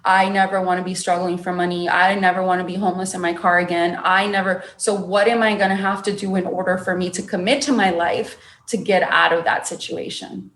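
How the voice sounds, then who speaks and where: A woman's voice: lowish voice, brisk, few pauses, echoey room. A young adult woman, a podcast guest, telling her personal story with emotion and acting out what others said. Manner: emotional, animated storyteller who acts out quotes.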